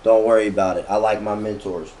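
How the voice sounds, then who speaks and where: A man with a lowish voice gives a casual motivational rant to his viewers. He talks in loose, profane slang and stretches certain words out slowly for weight. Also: steady tone, warm tone, a little hiss or hum. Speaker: motivational vlogger.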